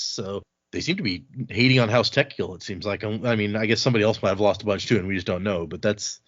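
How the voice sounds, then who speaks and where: A man co-hosting a casual book podcast, animated and quick to laugh. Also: on the low side, highs cut off. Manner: animated, laughs easily, acts out quotes. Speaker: podcast co-host. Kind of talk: casual book discussion, reading aloud.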